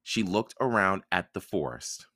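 A man reading a children's chapter book aloud for a podcast, in calm, even storytelling narration. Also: sits low, a little slow, no echo, clean studio sound. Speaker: podcast reader.

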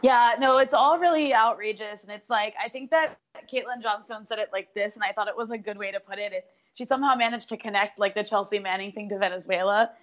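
A woman's voice: mid-range voice, quick pace, highs cut off. A woman co-hosting a casual political discussion, talking in an indignant, casual way with many fillers. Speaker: political commentary co-host.

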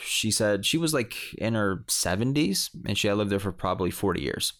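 A man's voice: on the low side, animated, normal speed, hardly any pauses, fairly bright tone. A man casually telling a personal story on a podcast, rambling with many restarts and fillers.

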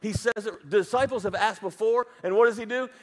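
A man's voice: high-pitched, a little fast. A man preaching a sermon as pastor, telling a Bible story with jokes, asides and put-on voices.

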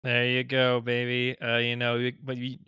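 A man's voice: medium pitch, completely flat delivery, moderate pace, bright, forceful tone, smooth, no room sound. A laid-back male podcast guest in easy conversation. He comes across as playful, and his voice is recorded close and dry. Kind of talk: casual chat.

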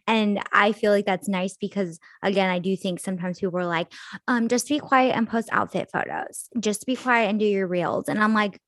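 A woman's voice: mid-range voice, moderate pace, no echo, clean studio sound. A young woman co-hosting a podcast, laid-back in casual chat and swearing casually. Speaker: podcast co-host.

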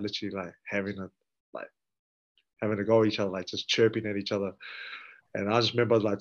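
Pro rugby guest, NZ accent, lowish voice, slangy storyteller, dull lo-fi sound. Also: male voice. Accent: New Zealand. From New Zealand. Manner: relaxed, slangy, swears, acts out quoted dialogue. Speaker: guest, professional rugby player. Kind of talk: casual storytelling.

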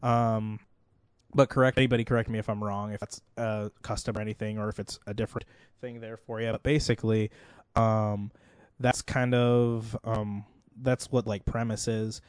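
A man's voice: on the low side, level tone, normal speed, darkish tone, smooth, no echo. A man, co-hosting a casual podcast about movies, talking in a loose, rambling way full of "like". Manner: rambling, heavy on "like" fillers. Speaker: podcast co-host.

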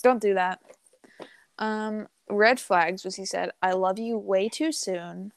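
A woman's voice: mid-range voice, fairly even intonation, takes it slowly, vocal fry. A young woman in her teens telling a story in casual chat, rambling with lots of fillers and laughs. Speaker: podcast co-host.

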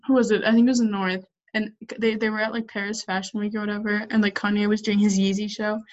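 A woman's voice: mid-range voice, flat delivery, quick pace, darkish tone. A young woman co-hosting a podcast in casual chat, giggly and teasing. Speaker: podcast co-host. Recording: dull lo-fi sound.

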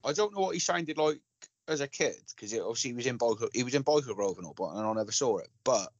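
A man's voice: mid-range voice, fast talker, no room sound, lo-fi sound. A man co-hosting a casual film chat, blunt and sweary, telling stories with gusto. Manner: blunt, sweary, animated storytelling. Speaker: podcast co-host.

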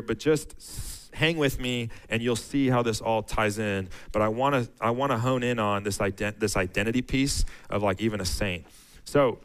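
A man's voice: mid-range voice, clean tone, rough recording. A man preaching a sermon to his church, casual and conversational, often restarting phrases and reading scripture aloud with rising emphasis.

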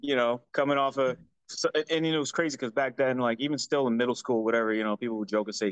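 A man born in Jamaica who grew up in the United States and has no Jamaican accent. He is a podcast guest giving relaxed, somewhat hesitant replies. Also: mid-range voice, fast, clear, resonant tone, no echo, dull audio. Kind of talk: casual chat.

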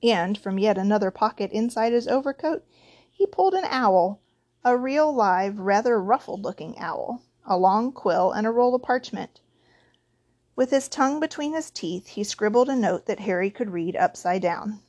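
A woman reads a children's fantasy novel aloud with lively, expressive narration. Her delivery is animated and engaging throughout. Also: medium pitch, moderate pace. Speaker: audiobook narrator. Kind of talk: expressive storybook reading.

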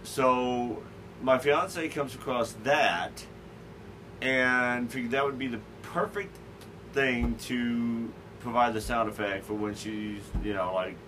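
A man's voice: mid-range voice, fairly even intonation, slow pace, sharp tone, a little hiss or hum, poor audio. A man hosting a casual talk show, rambling with lots of stammered restarts and fillers. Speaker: podcast host. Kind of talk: casual chat.

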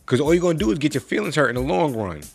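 A man's voice: fairly high pitch, sing-song, very fast, gravelly, husky, soft background music. A man giving a casual, preachy motivational rant, full of slang and rhetorical questions.

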